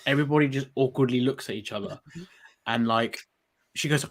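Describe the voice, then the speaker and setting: Bright-voiced young man ranting. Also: mid-range voice, fairly quick. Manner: ranting, heavy swearing. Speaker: podcast co-host. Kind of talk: casual group chat.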